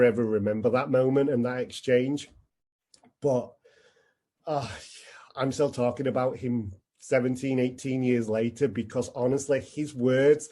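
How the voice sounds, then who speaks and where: Earnest man with a dark, husky voice. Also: medium pitch. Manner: earnest and reflective. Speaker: speaker. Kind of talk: personal storytelling talk.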